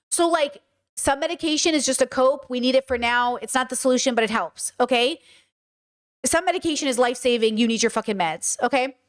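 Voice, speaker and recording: A woman chatting casually on a live stream, blunt and animated, swearing freely and acting out little voices. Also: high-pitched. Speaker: streamer hosting a live podcast.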